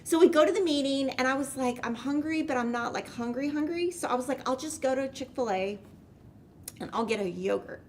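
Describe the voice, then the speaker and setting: A woman's voice: high-pitched, fairly quick, a little hiss or hum. Chatty woman telling a story. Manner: chatty, rambling, lots of "like". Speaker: host. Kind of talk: casual storytelling on a livestream.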